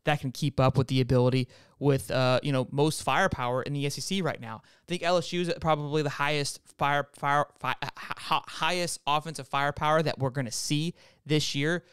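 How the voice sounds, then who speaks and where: Man, sports show host, smooth resonant voice, fairly high, casual game breakdown, dry close mic. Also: fairly quick, dry recording. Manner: animated, frequent restarts, talks straight to viewers. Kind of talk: casual fan commentary.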